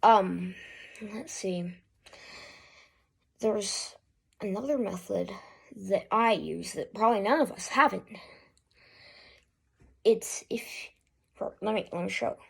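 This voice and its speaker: A woman hosting a casual spoken tutorial, talking haltingly with fillers and restarts. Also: medium pitch, creaky, breathy edge. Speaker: YouTube voice tutorial host.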